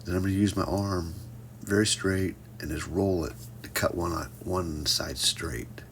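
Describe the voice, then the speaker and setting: A man's voice: deep voice, fairly even intonation, moderate pace, a little hiss or hum. A man teaching a pottery class in a casual hands-on demonstration, joking with his viewers as he works. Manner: playful, jokey asides addressed to "folks".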